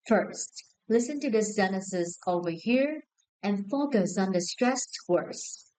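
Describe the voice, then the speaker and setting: A woman with a Vietnamese accent teaching an English lesson, giving clear, encouraging instructions to a class. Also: mid-range voice, lively intonation, slow pace, dark tone, rough recording.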